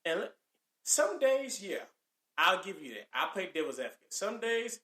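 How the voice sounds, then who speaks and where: Animated man in an echoey room. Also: sits high, moderate pace. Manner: animated, acts out quoted lines, laughs often. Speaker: podcast co-host. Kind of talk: casual chat.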